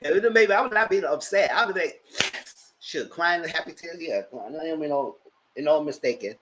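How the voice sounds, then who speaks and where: A man hosting a casual TV recap, chatty and animated, laughing often and breaking into excited outbursts. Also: on the high side, a little fast, a little hiss or hum. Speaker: TV recap host. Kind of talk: casual live TV review commentary.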